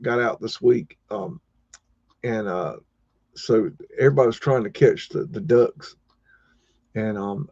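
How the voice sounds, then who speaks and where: Relaxed male host, rambling chatty delivery; dry, dull lo-fi sound. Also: medium pitch, gravelly, breathy edge, no room sound. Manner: laid-back, rambling, chuckling asides. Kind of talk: casual live commentary on old photos.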